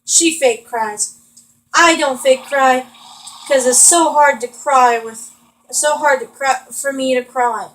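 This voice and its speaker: A woman's voice: high voice, takes it slowly, fairly bright tone, poor audio. A young woman venting in rambling, frustrated casual chat while she plays a video game. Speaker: vlogger.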